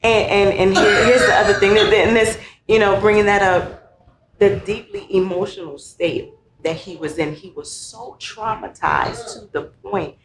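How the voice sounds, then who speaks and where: A woman speaking as an expert guest, explaining emotions in a lively conversational way with everyday examples. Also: medium pitch, normal speed, echoey room, noisy background. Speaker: guest, mental health professional. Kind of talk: conversational teaching.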